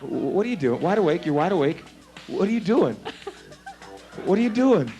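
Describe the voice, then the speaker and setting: A man's voice: high voice, big pitch swings, moderate pace, over music. Commanding man running a hypnosis stage show. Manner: commanding, giving playful hypnotic suggestions. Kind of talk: live stage show patter. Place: theater stage before a live audience.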